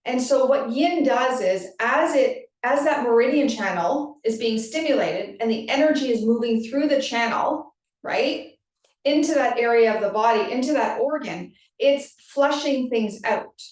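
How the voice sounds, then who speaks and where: Hosting her podcast, this yoga teacher talks in a relaxed, conversational way, leaning on "right?" and "like" a lot. Her voice is a bit high and a little mellow, with lively intonation and no rush. The recording sounds distant and bounces around a very echoey room.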